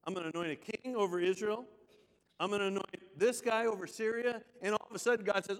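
A man's voice: high-pitched, fast talker, big-room sound, low-quality recording. A man preaching a sermon as pastor, with chatty, joking asides to the congregation.

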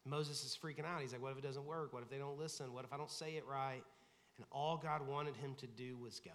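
A man's voice: medium pitch, fairly even intonation, brisk, a bit bright, big-room sound. A pastor giving a conversational sermon, acting out the people he quotes. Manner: conversational preaching, acts out quoted voices. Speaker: lead pastor. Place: church sanctuary.

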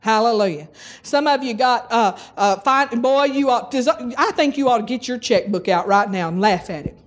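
A woman's voice: on the high side, animated, normal speed. A middle-aged woman preaching a folksy sermon, exhorting the congregation and breaking into bursts of forced laughter.

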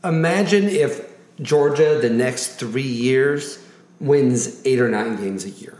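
A man co-hosting a casual sports talk show, talking in an animated way, full of "like" and quick restarts. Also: medium pitch. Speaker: podcast co-host. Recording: roomy echo.

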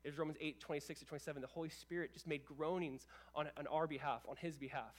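A man preaching a sermon as pastor, earnest and conversational, with restarts and casual fillers, dropping to hushed passages and rising to emphatic ones. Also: fairly high pitch, steady tone, quick pace.

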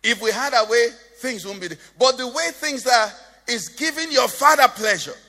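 A man's voice: very high-pitched, expressive, moderate pace, bright, forceful tone, big-room sound. A male pastor preaching a sermon, lilting in a sing-song way and asking the congregation questions. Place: church.

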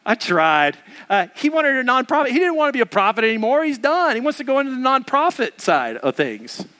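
A man delivers a sermon in a loose, conversational way. His voice sits high. The tone is bright and forward, and he acts out the quotes he tells. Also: big pitch swings, brisk. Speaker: preacher.

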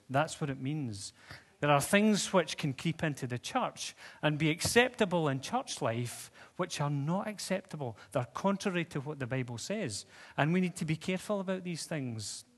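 A man preaching a sermon in a church, talking conversationally and putting questions to the congregation. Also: fairly high pitch. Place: church hall with seats. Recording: long reverb of a church hall.

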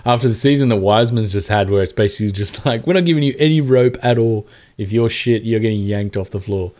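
A man's voice: on the low side, quick pace, darkish tone. An Australian man co-hosting a podcast, chatting casually and animatedly about basketball, swearing freely and acting out mock quotes. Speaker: podcast co-host. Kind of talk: casual sports chat.

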